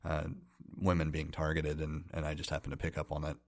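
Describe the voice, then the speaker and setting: Male co-host, very deep and monotone, measured casual chat. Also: no room sound, studio quality. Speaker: podcast co-host.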